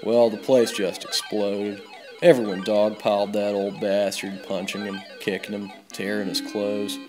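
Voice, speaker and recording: A man hosting a video game let's play, telling a rambling comic bar story in a deadpan drawl with plenty of swearing. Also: lowish voice, unhurried, faint music behind. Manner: deadpan drawl, swears freely, loud bursts on quoted yells. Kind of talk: comic rambling tall tale over gameplay.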